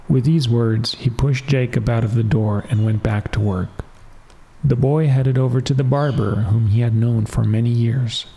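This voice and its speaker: A man calmly reading a fairy tale as a soft-spoken bedtime story. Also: medium pitch, measured pace, creaky, slight background noise.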